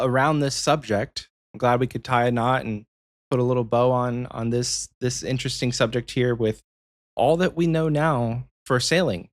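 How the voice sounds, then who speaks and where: A man hosting a casual podcast chat, animated and playful, teasing his co-host. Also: mid-range voice, no room sound.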